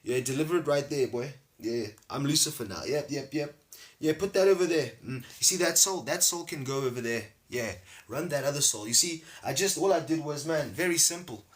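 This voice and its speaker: A man's voice: on the high side, a little fast, lightly acted. A man playing Lucifer as a smug, gloating tempter who bosses souls about. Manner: gloating, lazily bossy.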